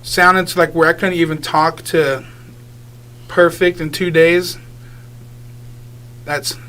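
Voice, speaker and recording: A man's voice: fairly high pitch, flat delivery, takes it slowly, pushed and bright. A young man, a guest singer, talking casually in a radio interview, rambling with lots of filler words and easy laughs. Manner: rambling, many filler likes, laughs easily.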